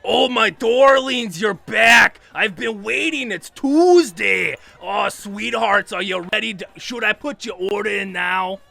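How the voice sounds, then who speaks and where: A doting old dwarf woman tending bar in a fantasy game, her voice pushed up high above its usual pitch and bright as a bell, as a man puts her on. She gushes and fusses over her regulars, calling everyone darling. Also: a little slow, creaky, few pauses, faint music behind, heavily acted. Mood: gushing. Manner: gushing, theatrical, showers everyone with endearments. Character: flamboyant older dwarf woman barkeep, doting.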